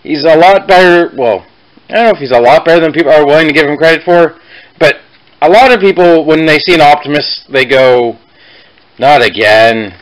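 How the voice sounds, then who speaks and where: A man's voice: fairly high pitch, moderate pace, poor audio. A young man casually reviewing a toy on his vlog, rambling and correcting himself mid-sentence with chatty asides.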